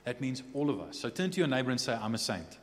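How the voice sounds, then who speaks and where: A man's voice: medium pitch, expressive, very fast. Conversational preacher man in an echoey hall. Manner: conversational, repeats and restarts words, checks in with "okay?". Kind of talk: sermon. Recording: echoey hall with faint hum.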